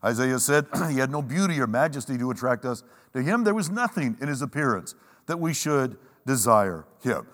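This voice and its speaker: Emphatic preacher in a reverberant hall. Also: male voice, mid-range voice, big pitch swings, fairly bright tone. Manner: emphatic, dramatic pauses, slows for scripture. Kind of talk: sermon. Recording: long reverb of a large hall.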